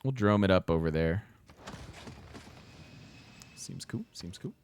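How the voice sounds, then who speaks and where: A man's voice: sits low, expressive, takes it slowly, darkish tone, smooth, soft background music. A man casually commenting on a strategy game while he plays, laughing often and chatting with his viewers. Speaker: let's play host.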